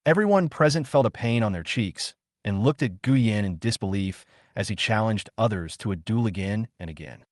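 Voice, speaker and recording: Lively-voiced man narrating a comic recap. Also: on the low side, moderate pace, no room sound, studio quality. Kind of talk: scripted narration.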